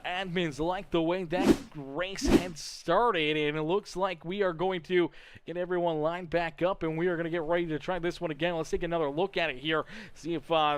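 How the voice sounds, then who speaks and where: A man giving play-by-play commentary on a sim racing livestream, rattling off driver names and rising to excited shouts when cars make contact. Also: sits high, noisy background. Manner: rapid-fire, rises to excited shouts on action.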